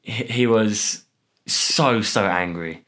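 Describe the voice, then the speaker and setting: A young man chatting casually on a podcast, telling an animated story with laughter and acted-out voices. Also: on the low side, slow. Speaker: podcast co-host. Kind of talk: casual chat.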